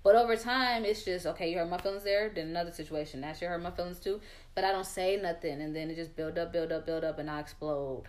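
A woman's voice: lowish voice, fairly even intonation, fast talker, hardly any pauses. A young woman in a casual chat, talking candidly and full of fillers as she tells her own story.

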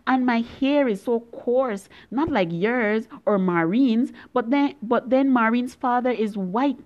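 A woman with a lilt reads a story aloud in the voice of a young girl. Her voice sits fairly high, and her tone is earnest, with pleading questions to her mother. The recording is dull and lo-fi. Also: a little slow. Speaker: reader. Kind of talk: reading a story in a young girl's voice.

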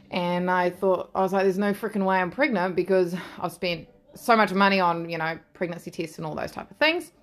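A woman in her thirties with a New Zealand accent, telling her story to an interviewer in a frank, laughing way and swearing freely. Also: mid-range voice. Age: 30s. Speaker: interview guest. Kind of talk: candid storytelling.

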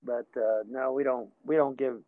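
A man's voice: medium pitch, steady tone, moderate pace, dry recording. A man co-hosting a podcast in casual chat, rambling and joking with stammering restarts. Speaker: podcast co-host. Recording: tinny phone-like sound.

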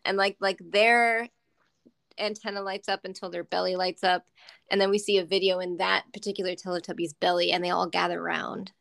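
A woman's voice: on the low side, flat delivery, fairly quick, creaky, a bit bright, no echo. A woman co-hosting a podcast, chatting casually and animatedly with lots of giggles, fillers and swearing. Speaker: podcast co-host. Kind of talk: casual chat.

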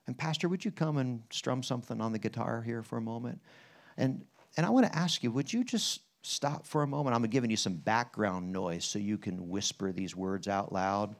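At a church conference, a Pennsylvania man serving as guest preacher speaks at a moderate pace with a medium-pitched voice. His folksy storytelling is animated, jumping from quiet to loud with homespun asides, before he asks the audience questions and leads them in prayer.

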